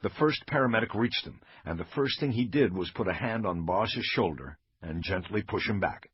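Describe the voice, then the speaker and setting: A male audiobook narrator with a low, husky voice who reads crime scenes with lively, animated delivery. He is heard on a dull, lo-fi recording with faint music underneath. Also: moderate pace, no echo. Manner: lively, dramatic reading. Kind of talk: scripted narration.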